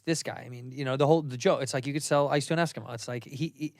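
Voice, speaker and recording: A man's voice: medium pitch, fairly even intonation, rapid-fire, dry recording, studio quality. A man, a comedian hosting a podcast, chatting casually in a loose, profane way and acting out the voices of people he describes. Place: podcast studio. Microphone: studio mic.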